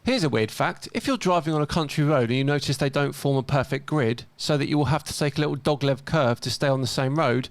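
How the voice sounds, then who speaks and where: A man's voice: medium pitch, fast talker, hardly any pauses, dry recording. A man giving casual commentary as a host, reading out posts and mocking their mistakes with dry humour. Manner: wry, mocking, chuckles at mistakes.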